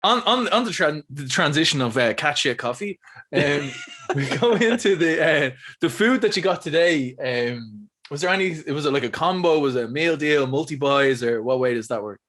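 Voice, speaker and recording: A man's voice: a little high, expressive, normal speed, a bit bright. A man with an Irish accent hosting a casual podcast chat, laid-back and jokey, swearing freely. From Ireland. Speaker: podcast host.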